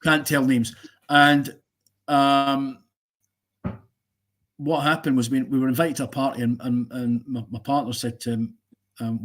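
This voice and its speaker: A man's voice: mid-range voice, little pitch movement, measured pace, pauses often, fairly bright tone. Opinionated man hosting a live stream. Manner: opinionated, rambling, joking with viewers. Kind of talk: casual live stream chat.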